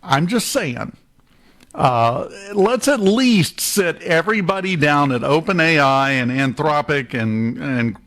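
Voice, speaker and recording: Hiccuping man doing radio banter, joking and animated, voice a touch high with a lively swing. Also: slow. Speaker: regular radio guest. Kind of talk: casual radio chat.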